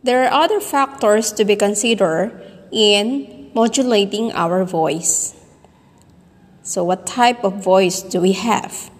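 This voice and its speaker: A woman teacher giving a voice lesson, speaking slowly and deliberately and demonstrating sounds and word stress. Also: mid-range voice. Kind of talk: recorded voice lesson. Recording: long reverb.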